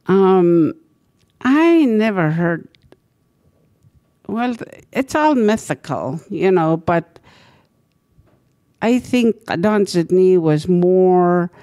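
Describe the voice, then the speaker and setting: An older woman from Alaska, an elder storyteller, talking in a gentle, halting way with many pauses. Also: on the low side, expressive. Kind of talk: unhurried storytelling interview.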